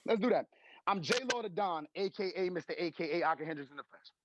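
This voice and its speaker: A man's voice: high voice, quick pace, muffled recording, noisy background. A young man, a rapper guest, telling his story in casual interview chat and breaking into rap verses.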